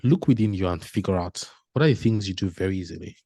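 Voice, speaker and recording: A man speaking on a panel tells motivational stories, animated and laughing often as he acts out dialogue. His voice sits low and moves fast. The recording is dry, with clean studio sound.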